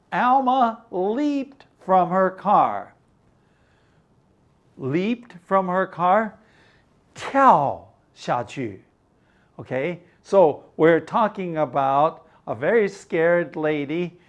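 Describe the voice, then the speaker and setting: An older man teaching English through a story, explaining words slowly and glossing them in Mandarin. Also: fairly high pitch, animated.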